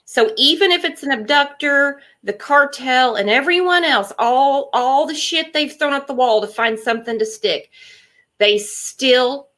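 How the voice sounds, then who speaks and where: A woman's voice: sits high, measured pace, fairly bright tone. A woman co-hosting a casual true-crime discussion, outspoken and sarcastic. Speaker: podcast co-host.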